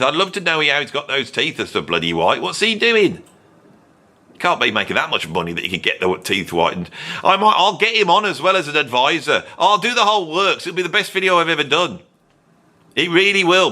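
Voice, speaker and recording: A middle-aged British man with a medium-pitched, pushed, bright voice closes out his music channel with a rambling, self-mocking monologue. He's a YouTube music commentator who jokes around and cheekily pleads with his viewers.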